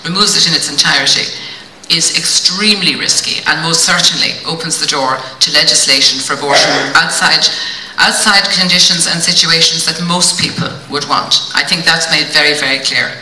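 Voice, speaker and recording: Woman lawyer making a debate argument; very bright, slightly high voice, recorded far off in an echoey hall. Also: a little hiss or hum. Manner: measured, assertive, lawyerly. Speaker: debate speaker, solicitor. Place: large hotel function room. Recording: echoey room, distant mic.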